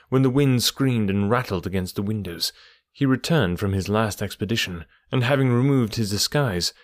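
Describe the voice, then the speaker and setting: A man narrating a classic story as an audiobook in a steady, even storytelling manner. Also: mid-range voice, no echo, clean studio sound.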